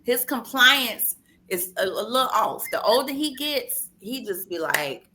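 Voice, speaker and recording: A woman's voice: fairly high pitch, sing-song, measured pace. A woman in casual podcast chat, telling a family story in an easygoing, matter-of-fact way. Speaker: podcast co-host.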